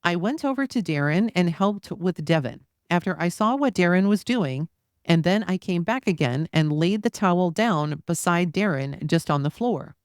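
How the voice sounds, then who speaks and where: A woman with a lowish voice reads a courtroom transcript aloud for a true crime podcast, taking both the questioner's and the witness's lines in a steady, even delivery. Between passages she drops into loose, casual asides. The sound is dry and close, with no room around it. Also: normal speed, dry recording. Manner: reads both sides of a cross-examination in a plain, steady voice. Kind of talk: reading a trial transcript aloud.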